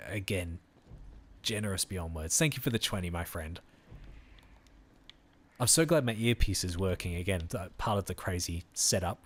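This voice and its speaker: Easygoing man, low voice. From Australia. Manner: easygoing, chatty, thanks viewers warmly. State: tired. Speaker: game streamer. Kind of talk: casual live-stream chat.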